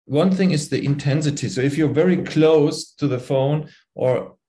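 A middle-aged man speaking English with a German accent, his German being his first language. His tone is mellow and warm, and he talks in an earnest, explanatory way. He pauses now and then to find the right word. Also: fairly high pitch. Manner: earnest, explanatory, searching for words. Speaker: podcast guest. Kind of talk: conversational interview.

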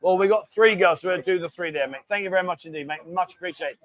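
A man's voice: sits high, fast, a bit bright. A man hosting a casual live stream, chatting with viewers, reading out their messages and calling everyone mate.

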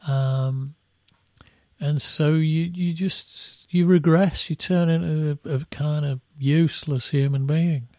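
Middle-aged English musician, gravelly, dry close sound, rambling raconteur. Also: male voice, fairly high pitch, fairly even intonation, slow pace, mellow, dry recording. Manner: rambling storyteller with restarts, laughing at his own stories. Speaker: band musician guest. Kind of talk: casual anecdotal chat.

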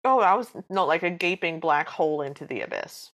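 A woman's voice: sits low, animated, fairly quick, fairly bright tone. A woman co-hosting a podcast, chatting casually and acting out cartoon scenes with playful voices. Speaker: podcast co-host. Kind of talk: casual chat recapping a cartoon.

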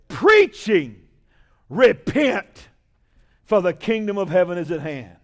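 High-voiced man preaching a fiery sermon. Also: sing-song. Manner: shouting, drawn-out emphatic preaching with call-outs to the congregation.

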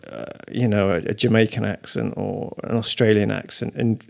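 A man's voice: lowish voice, fairly even intonation, moderate pace, creaky, darkish tone. A man who is a guest comedian, telling self-mocking stories in a casual podcast chat. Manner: storytelling, jokey, self-mocking.

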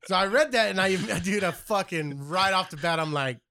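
Man, podcast co-host, fired-up swearing rant, slightly high voice, dry sound. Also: normal speed, pushed and bright, dry recording. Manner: profane, fired-up ranting. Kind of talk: casual podcast chat.

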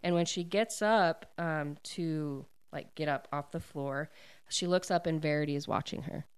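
A woman's voice: low voice, normal speed, clear, resonant tone. Chatty woman recapping a story. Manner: retells a plot with many "like"s, acts out quoted lines and laughs often. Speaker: book discussion host. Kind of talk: casual book recap chat.

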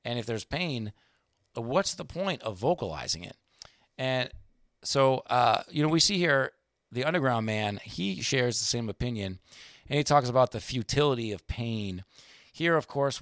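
A middle-aged man co-hosting a casual book discussion, chatty and rambling, sometimes reading passages aloud slowly. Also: mid-range voice, expressive, a bit bright, no echo, clean studio sound. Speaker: podcast co-host.

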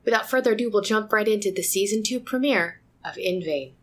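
A woman's voice: mid-range voice, expressive, fairly quick, a bit bright. A woman hosting a tabletop role-play podcast, reading sponsor messages in an upbeat, chatty way. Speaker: host.

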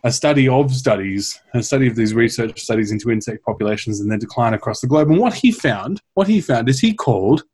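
A man telling a comic science story on a podcast, wry and animated, swearing for laughs. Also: mid-range voice, fairly quick, few pauses, slightly rough. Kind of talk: casual comedic science chat.

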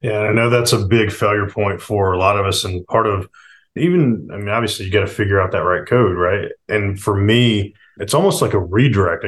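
Relaxed man hosting a podcast. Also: fairly low pitch. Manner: relaxed, conversational, says "right?". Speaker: podcast host. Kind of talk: casual podcast interview.

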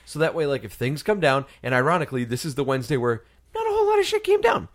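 Animated storytelling man in his thirties. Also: quick pace. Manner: animated storyteller, swears freely, voices others in high squeals. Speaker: podcast co-host. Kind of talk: casual chat.

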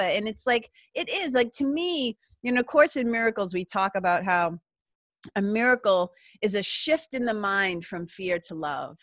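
A woman's voice: medium pitch, lively intonation, moderate pace, fairly bright tone, no room sound. A woman hosting an interview, talking casually with lots of fillers and laughter. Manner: chatty, filler-heavy, laughs as she talks. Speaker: podcast host.

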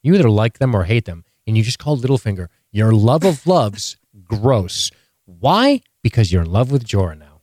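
A man co-hosting a podcast in casual, animated chat, swearing freely and teasing his co-host. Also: lowish voice, a little hiss or hum. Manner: animated, profane, jokey, quick to tease.

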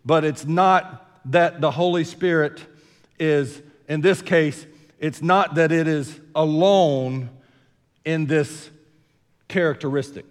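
A man with a Southern American accent preaching a sermon as senior pastor, folksy, shifting from quiet asides to loud, emphatic declarations. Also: fairly high pitch, slow, big-room sound.

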